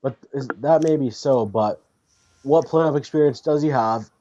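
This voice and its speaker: Mellow man asking questions. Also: medium pitch, moderate pace, dull audio, slight background noise. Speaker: podcast co-host. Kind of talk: casual hockey chat.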